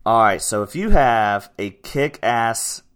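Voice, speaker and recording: A man's voice: medium pitch, animated, slow pace, a bit bright, clear, resonant tone. A young man in his twenties, hosting a casual podcast chat about his gym, rambling and upbeat. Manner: rambling, upbeat, self-promoting. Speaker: podcast host and gym owner.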